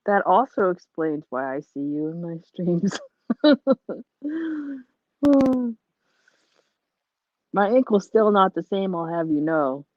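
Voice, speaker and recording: A woman's voice: mid-range voice, big pitch swings, slow, long pauses, no room sound, lo-fi sound. A tired woman chatting casually as a livestream guest, rambling and laughing often, her voice worn from lack of sleep. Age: adult with a child. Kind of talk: casual chat.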